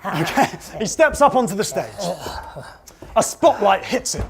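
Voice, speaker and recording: A man's voice: sits high, sing-song, a little slow, a crowd in the background. A man, a comic book author, narrating a funny story live for children with careful comic timing.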